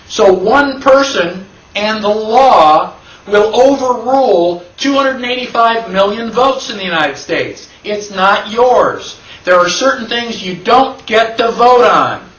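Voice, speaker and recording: High-voiced man lecturing in an echoey room. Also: fairly bright tone. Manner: emphatic, asks the class rhetorical questions. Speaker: constitution class instructor. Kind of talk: classroom lecture. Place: classroom with an audience. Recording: echoey room, mic at a distance.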